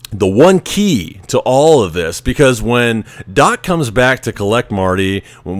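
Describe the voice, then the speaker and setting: A man whose voice sits on the low side hosts a casual movie chat, recorded with no room sound. Rambling and frequently starting sentences over, he acts out the lines he quotes.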